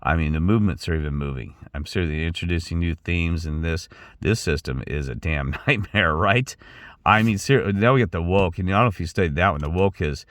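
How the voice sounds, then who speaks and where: A man's voice: low voice, a little fast, dry recording. A middle-aged man talking in a rambling personal monologue, repeating himself and restarting often. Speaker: channel host.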